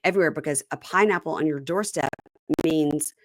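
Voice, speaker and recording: A middle-aged woman with a low-pitched voice hosts a casual podcast chat recapping a reality show. She talks fast and acts out the cast's lines in quick voices, and the sound is clean studio audio with no room sound.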